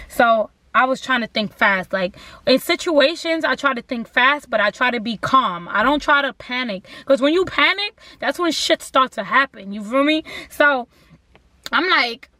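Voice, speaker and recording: A young woman with a high-pitched voice tells a story in a casual vlog. She is animated, packs her speech with slang and profanity, and leans on "like" as filler. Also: measured pace. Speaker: vlogger.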